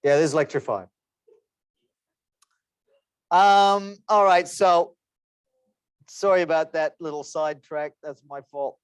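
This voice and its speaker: A man in his forties leads an online class, with a slightly high voice. He keeps the tone chatty and slips in self-deprecating jokes. His computer microphone gives a dry, close sound. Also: slow pace, pauses often, smooth, no echo. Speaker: lecturer.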